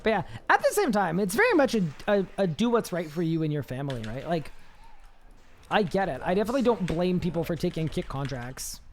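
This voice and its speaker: A man with a high-pitched voice, chatting casually on a live game stream, reading chat aloud and rambling with restarts. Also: big pitch swings, brisk, slight background noise.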